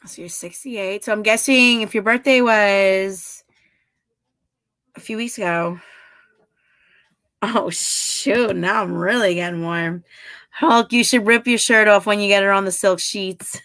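A woman's voice: mid-range voice, steady tone, measured pace, pauses often, fairly bright tone, no room sound, clean studio sound. A woman chatting casually on a livestream, giggling and flirting as she reads and answers her viewers' comments. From half Italian heritage. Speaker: livestreamer reading chat.

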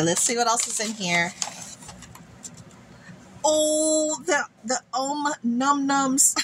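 A woman beauty vlogger unboxing friend mail, gushing and excitable, calling her viewers "girl". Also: on the low side, background noise.

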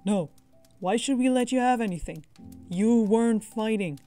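A woman's voice: lowish voice, steady tone, a little fast, a little mellow, soft background music, close to an everyday voice. A woman voicing an irritated man at a tabletop game who talks curtly and bluntly. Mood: annoyed. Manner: curt, blunt. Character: irritated grudging male ranger player.

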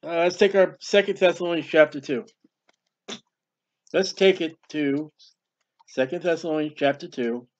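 A man preaching a sermon, animated and emphatic, reading scripture aloud. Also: on the high side, normal speed, pauses often. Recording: dull lo-fi sound.

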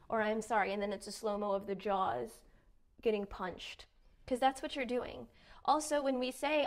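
Earnest, fairly high-voiced woman speaker. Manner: earnest, dramatic emphasis, varies loudness widely. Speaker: self-help speaker. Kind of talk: direct-to-camera motivational talk.

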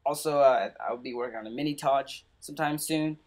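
A man's voice: medium pitch, a little fast, darkish tone. Young male gaming host, casual update, rambling delivery with constant ums and restarts. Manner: rambling, many fillers and restarts.

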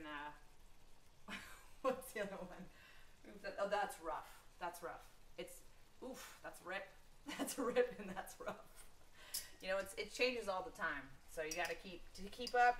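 A woman chatting her way through a live cooking stream, slangy and quick to laugh. She sounds set back from the mic in an echoey kitchen, with frying sizzling behind her. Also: lowish voice, a bit bright, distant mic, slight background noise. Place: home kitchen. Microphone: camera held by someone else.

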